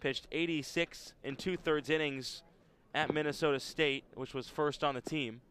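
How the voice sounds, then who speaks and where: A man doing color commentary on a baseball broadcast. His voice is smooth and slightly high, and he talks casually, rattling off stats. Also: fairly bright tone. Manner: casual, reads off stats, quick asides.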